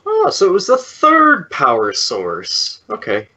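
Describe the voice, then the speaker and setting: A man's voice: high voice, huge pitch swings, slow pace, bright, forceful tone, dull audio. A man playing a tabletop game, laid-back with dry remarks. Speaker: player. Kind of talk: casual tabletop play.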